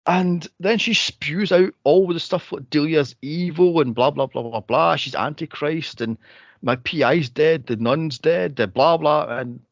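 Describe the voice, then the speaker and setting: Exasperated man, fairly high voice. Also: unhurried, dry recording. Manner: exasperated, animated retelling with frequent exclamations. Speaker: podcast co-host. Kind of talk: casual movie recap chat. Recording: dull, lo-fi dry recording.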